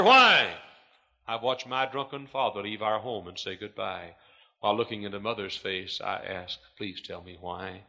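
Gravelly preacher, hushed to shouting. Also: male voice, lowish voice. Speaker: pastor. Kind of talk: sermon.

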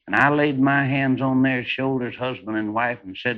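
A man's voice: steady tone, normal speed, few pauses. Fervent man preaching a revival sermon. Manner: fervent, swings from hushed storytelling to high shouted exclamations. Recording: dull lo-fi old sermon recording.

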